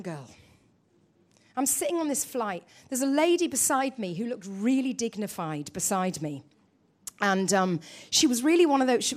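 A woman preacher with a very high voice delivers a sermon in an animated, emphatic way. She acts out her own quoted thoughts and often calls out questions to the congregation.

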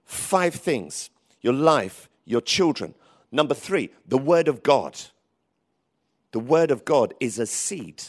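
A man preaching a sermon in church, lively and emphatic, with frequent restarts. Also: medium pitch, slow pace. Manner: lively, rising to emphatic calls, with many restarts. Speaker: pastor.

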